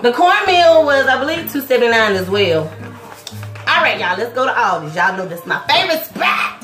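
A woman's voice: fairly high pitch, very animated, brisk, fairly bright tone. A woman doing a casual grocery haul vlog at home, sassy and teasing, scolding her kids between prices. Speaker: family vlogger. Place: home kitchen with children around. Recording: echoey kitchen, music underneath.

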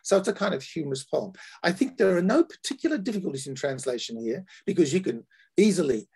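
A man with an Australian accent giving an academic lecture, halting with frequent fillers and restarts. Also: a little high, sing-song, warm tone, slightly rough.

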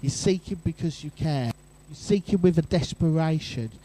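A man's voice: a little high, normal speed, slight background noise, low-quality recording. A man preaching a sermon in church, telling family stories and asking the congregation along. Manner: lively storytelling with asides to the congregation. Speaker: pastor.

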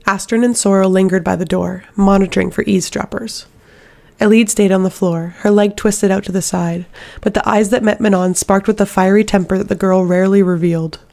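A woman narrates a fantasy audiobook at a steady, dramatic pace. Her voice has a noticeable gravelly fry. The delivery is measured and even. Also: mid-range voice.

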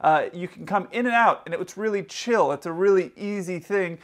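Pilot guy telling a story, chatty and jokey, voice a bit on the high side. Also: brisk. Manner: chatty, joking, rambling anecdotes. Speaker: airline pilot and video host. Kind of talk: casual storytelling to camera.

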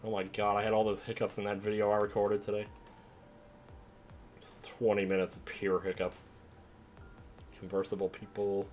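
A man's voice: fairly low pitch, monotone, normal speed, long pauses, a little mellow. A young adult man streaming a story game, chatting casually and rambling between moments of play. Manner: rambling, chatty, trails off with fillers like "like". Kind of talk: casual chat while gaming. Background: game music.

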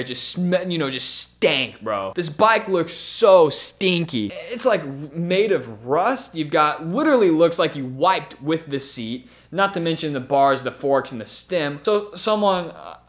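A man's voice: fairly high pitch, fairly bright tone. Brash, foul-mouthed young man roasting bikes. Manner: crude, brash and mocking, swears often. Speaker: BMX channel host. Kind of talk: comedic bike roast vlog.

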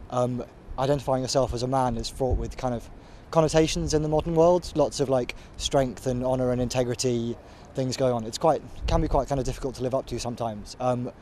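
A man's voice: medium pitch, mellow, a little hiss or hum. A man answering an interview in an easygoing, self-deprecating way. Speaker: student interviewee. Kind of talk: street vox pop answer.

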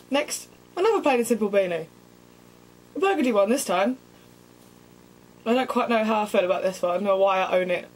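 A woman's voice: mid-range voice, low-quality recording. A young woman with a cheeky, self-mocking and sweary manner, chatting casually in a comedic vlog. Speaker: vlogger.

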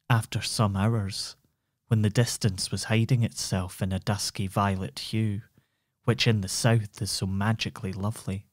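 A man reads a bedtime story in a calm, measured, soothing way. His voice is low and even, unhurried, with gentle music faintly underneath. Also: no room sound.

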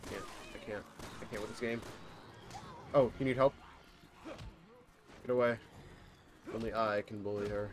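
A man's voice: on the low side, fairly even intonation, fairly quick, pauses often, noisy background. A young man streaming a co-op game live, reacting in exasperation to his partner and reading his chat. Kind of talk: live gameplay commentary.

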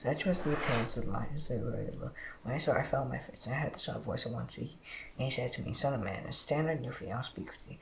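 A man reading Bible passages aloud at a steady pace, with occasional slips and restarts. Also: medium pitch, quick pace, gravelly. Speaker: Bible reader. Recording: echoey room with background noise.

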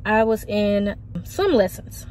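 A woman's voice: mid-range voice, expressive, takes it slowly, a little mellow, a little hiss or hum. Frank, emotional woman in her twenties. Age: 20s. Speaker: vlogger. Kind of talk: candid personal vlog. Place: parked car.

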